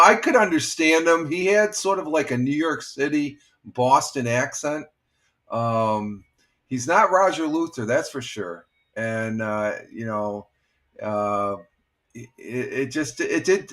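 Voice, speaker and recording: An older man hosting a casual morning live stream, talking in a halting, rambling way and reading out viewers' comments. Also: mid-range voice, expressive, fairly bright tone. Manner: rambling, halting, reads chat comments aloud. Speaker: livestream host.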